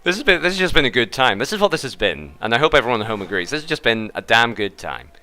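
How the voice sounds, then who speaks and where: A man's voice: medium pitch, very animated, fast, bright, forceful tone. A man giving chatty, jokey commentary on a sim race.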